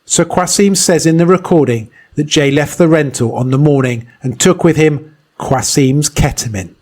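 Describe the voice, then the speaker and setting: A man narrating an investigation in a measured, serious scripted read. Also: a little high, a little mellow.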